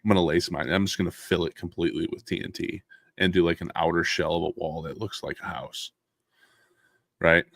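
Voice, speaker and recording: Speaking fairly quickly with a low pitch and vocal fry, this podcast host keeps things casual, joking, laughing a lot and swearing freely. Loud outbursts and laughter punctuate his relaxed conversation, captured with studio quality and no echo.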